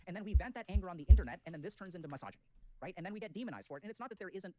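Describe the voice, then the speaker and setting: A man's voice: sits high, lively intonation, racing, warm tone. A man arguing his case in a casual debate, throwing rhetorical questions at the others. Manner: rhetorical, quizzes his listener.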